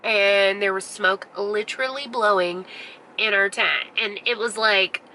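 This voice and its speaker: A young woman vlogger chatting through a long story in a bright, sharp voice with a gravelly edge. She rambles and swears casually, leaning on "like" in nearly every line. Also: mid-range voice, fairly even intonation, unhurried, a little hiss or hum, poor audio. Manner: chatty, profane, full of "like" fillers. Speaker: beauty vlogger.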